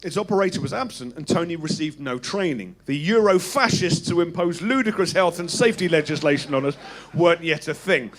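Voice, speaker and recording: An English stand-up comedian talks on a club stage in an animated, sweary way, full of emphatic asides. His voice is high and swings widely in pitch. He speaks through a handheld stage microphone. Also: brisk, few pauses, a little hiss or hum.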